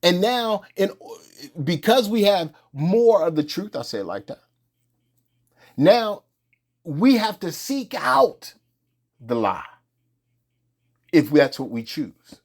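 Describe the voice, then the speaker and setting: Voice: mid-range voice, big pitch swings, slow pace, long pauses. A religious teacher giving an informal sermon in colloquial speech, emphatic and repetitive, firing off rhetorical questions and restarting phrases.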